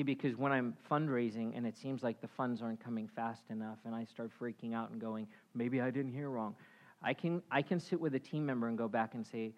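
A male pastor preaching with a bright, forceful voice pitched a little high. He swings from loud, emphatic calls to quiet, low asides to the congregation. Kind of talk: sermon.

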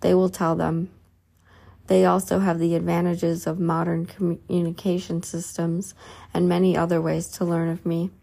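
A woman's voice: on the low side, monotone, moderate pace, vocal fry, mellow. A woman reading aloud the words of Jesus, a sorrowful but stern grown man, in her own plain voice.

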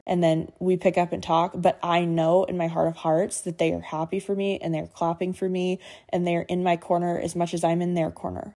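A woman in her twenties with a lowish, dark-toned voice hosts a solo podcast. She talks candidly, earnest and heartfelt, swearing casually here and there.

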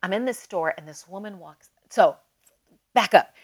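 A woman guest on a podcast, telling a personal story in a casual, animated way and leaning often on "like". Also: mid-range voice, moderate pace, slightly rough. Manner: animated, emotional storyteller who leans on "like".

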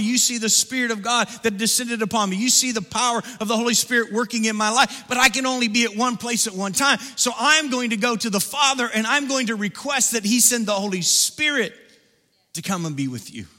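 A man preaching a sermon as pastor, building through repeated phrases and dropping his voice low to press a point. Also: quick pace, hardly any pauses, sharp tone. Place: church sanctuary. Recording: hall reverb from a church.

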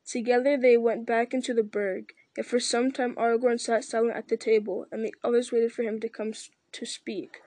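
Woman reading aloud, flat and dry. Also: a little high, brisk, few pauses, no room sound. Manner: steady reading with stumbles and restarts. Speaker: audiobook reader. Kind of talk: reading a fantasy novel aloud.

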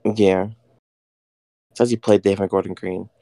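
A man's voice: deep voice, level tone, slow, warm tone, no echo, clean studio sound. A man co-hosting a podcast, chatting casually with short, agreeable remarks. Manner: brief, agreeable interjections. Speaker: podcast co-host. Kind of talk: casual chat.

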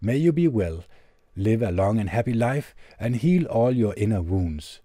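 A man hosting a podcast, reading a heartfelt letter aloud and then reflecting on it in an earnest, measured, gentle way, into a tube condenser studio mic. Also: fairly low pitch, very animated, dry recording. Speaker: podcast host.

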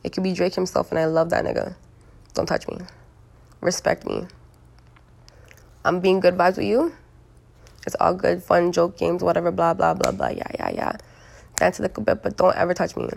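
A young woman rambling through a casual monologue. She is blunt and profane, leans on lots of likes and you-knows, and her voice is hoarse from smoking. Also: on the low side, expressive, moderate pace, pauses often. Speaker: solo monologue recorder.

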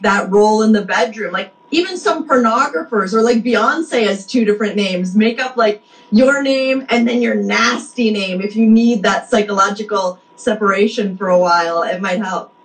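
A woman's voice: medium pitch, normal speed, rough recording. Woman offering practical tips in casual chat. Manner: practical, suggestive, filler-heavy.

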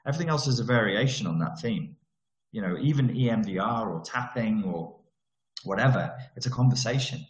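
A man talking casually about therapy as a coach, blunt and swearing, with animated emphasis on key words. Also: lowish voice, fairly quick, roomy sound, poor audio. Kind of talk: casual solo talk, teaching.

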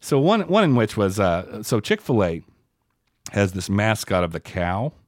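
A man's voice: fairly low pitch, big pitch swings, measured pace, dry recording, clean studio sound. A man co-hosting a podcast in casual chat, rambling through stories with wry asides. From Austin, Texas area. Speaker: podcast co-host.

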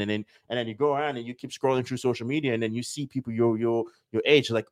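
A male podcast host talking through a motivational monologue in a mid-pitched voice. He lectures in a preachy way, jokes around and slips into quick acted-out exchanges with imagined people. The sound is dry and close, with no room around it. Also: steady tone, no room sound. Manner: preachy, joking, acts out little dialogues.

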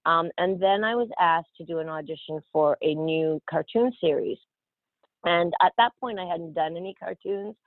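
A woman from Australia, an actress, telling stories in an animated interview and often laughing. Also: lowish voice, moderate pace, dry recording. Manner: animated, laughing, quotes other voices. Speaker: actress guest. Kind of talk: casual interview storytelling. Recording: tinny phone-like line, dry.

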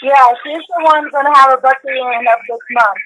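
A woman's voice: high voice, fairly even intonation, quick pace, sharp tone, poor audio. A woman calling into a chat show, talking in a hesitant, stumbling way. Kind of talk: casual phone chat.

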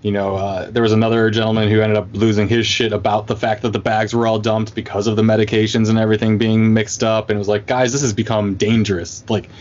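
A man hosting a podcast talks in a somewhat low voice, laid back and casual. He fills his speech with small hesitations. The sound is a little muffled and lo-fi. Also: monotone, fast, few pauses, a little mellow. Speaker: podcast host. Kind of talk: casual chat.

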